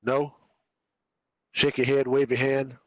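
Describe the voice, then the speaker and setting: A man chairing a county meeting, brisk and procedural as he calls on speakers. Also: medium pitch, little pitch movement, fairly bright tone, no echo. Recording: dull lo-fi sound.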